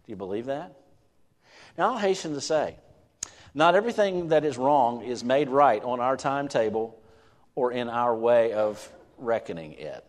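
A pastor preaches a sermon in a medium-pitched voice with lively intonation at a moderate pace. He questions his listeners and reads scripture aloud with growing fervor, and the recording carries a long hall reverb.

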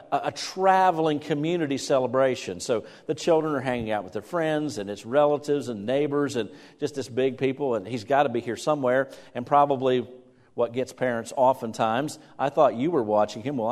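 A man's voice: medium pitch, a little mellow. A middle-aged man preaching a sermon, talking conversationally and acting out the voices of worried parents. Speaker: pastor. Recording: long reverb of a church hall.

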